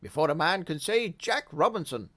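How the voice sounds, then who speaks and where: A man's voice: fairly high pitch, very animated, normal speed, a bit bright, voice pushed up. A man voicing a jolly, stout old merchant who calls out heartily in a storybook reading. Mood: jovial.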